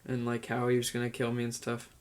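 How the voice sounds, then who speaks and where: A man's voice: medium pitch, monotone, quick pace, smooth. Chatty man giving a director's commentary. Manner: chatty, laughs often, many restarts and "like". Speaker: video director and host.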